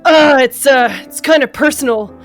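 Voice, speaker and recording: Lady reading an embarrassed guy blurting stuff out, flustered, highish. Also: normal speed, soft background music, close to an everyday voice.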